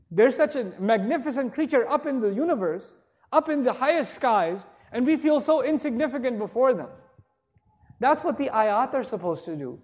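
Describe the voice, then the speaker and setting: High-voiced man giving a religious lecture. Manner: conversational, joking, asks the audience rhetorical questions; grows forceful and insistent when urging respect. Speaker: Islamic teacher. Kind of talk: religious lecture to a live audience.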